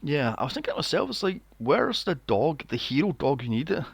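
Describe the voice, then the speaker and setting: Animated sweary man, gravelly voice. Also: a little high, brisk, dry recording. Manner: animated, sweary, acts out characters in mocking voices. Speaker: podcast co-host. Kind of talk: casual film review chat.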